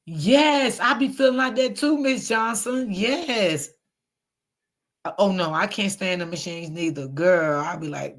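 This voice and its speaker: A middle-aged woman hosting a casual livestream, chatting warmly and reading out viewer comments. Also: medium pitch, unhurried. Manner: chatty, talks straight to viewers. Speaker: livestream host.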